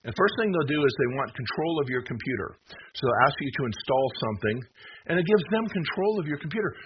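A man's voice: a little high, quick pace. A middle-aged man giving a rambling slide presentation, emphatic, with self-deprecating jokes and many restarts. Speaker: presenter of a talk. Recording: muffled with steady background noise.

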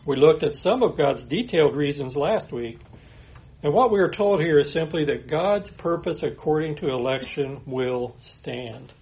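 A man preaching a sermon, reading scripture aloud and explaining it in an earnest, steady manner. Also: on the high side, moderate pace, highs cut off. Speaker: pastor.

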